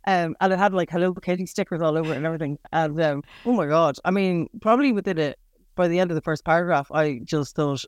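A woman's voice: sits low, quick pace, clean tone, dry recording, clean studio sound. A middle-aged woman with an Irish accent, a writer talking frankly in an interview, self-deprecating and hesitant, with many restarts and fillers. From Northern Ireland. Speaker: writer guest. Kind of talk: casual interview talk.

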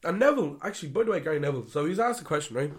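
A man co-hosting a casual football chat podcast, his voice sitting a touch high for a man. He rants with lively swings in pitch, jumping between loud outbursts and low muttered asides. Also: racing. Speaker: podcast co-host.

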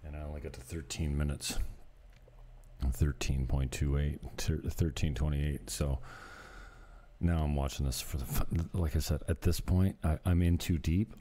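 A man's voice: extremely low pitch, warm tone. A man casually commenting on videos he is watching, rambling into ranty asides with some self-deprecation. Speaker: co-host reacting to videos.

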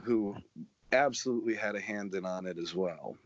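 A man's voice: lowish voice, moderate pace, lo-fi sound, slight background noise. A man telling rambling, profanity-laced stories in a casual chat. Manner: profane, rambling, matter-of-fact.

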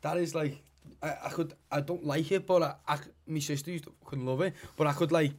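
A man's voice: fairly high pitch, fairly even intonation, fairly quick. A young man with a Scouse accent, a musician chatting casually and rambling, swearing a lot and saying "you know what I mean". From Liverpool, England. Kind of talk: casual podcast chat.

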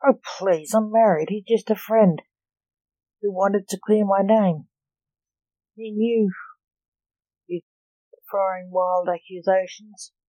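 A woman's voice: medium pitch, fairly even intonation, takes it slowly, long pauses, warm tone, dry recording, dull audio, close to an everyday voice. A woman voicing a sarcastic young male superhero in a read-aloud story. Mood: stern.

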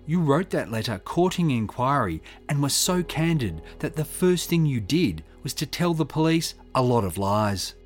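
A man's voice: medium pitch, sing-song, normal speed, few pauses, soft background music, natural voice. A man voicing a stern male prosecuting barrister who presses the witness with pointed questions. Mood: pressing.

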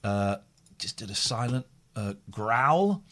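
A man's voice: fairly low pitch, big pitch swings, slow pace, a bit bright. A man hosting a late-night radio show, joking and rambling in casual banter with his co-hosts. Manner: jokey, rambling, teasing.

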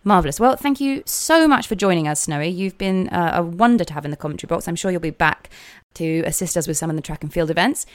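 A woman's voice: on the low side, animated. Woman with a polite broadcaster delivery. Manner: brisk, polite, broadcaster-style. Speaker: comedy podcast host and commentator. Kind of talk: mock sports commentary and spoof advert read.

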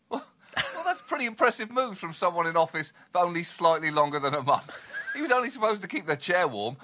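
A man co-hosting a comedy podcast with a fairly high, bright voice that swings widely in pitch. He tells stories in a mock-grand, animated way and builds them up to punchlines. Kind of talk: satirical comedy chat.

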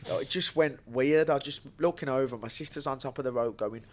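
A man's voice: mid-range voice, fairly quick. A young man, a guest telling stories in a casual podcast chat, slangy and laughing often. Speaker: podcast guest, bare knuckle fighter.

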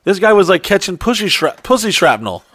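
Profane, animated storytelling man. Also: a little fast, dry recording. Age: adult. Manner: profane, animated, acts out quotes in high voices. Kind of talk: casual storytelling chat.

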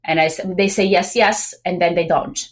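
A pregnant woman talking as a guest on a business podcast, chatty and lively, acting out quoted remarks between many fillers. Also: lowish voice, moderate pace. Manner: animated, acts out quoted voices, many fillers. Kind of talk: casual interview talk.

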